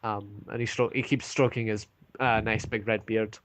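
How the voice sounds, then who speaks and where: A man's voice: on the low side, little pitch movement, normal speed, a little hiss or hum. A man narrating an online tabletop game as game master, hesitant, with many ums and restarts.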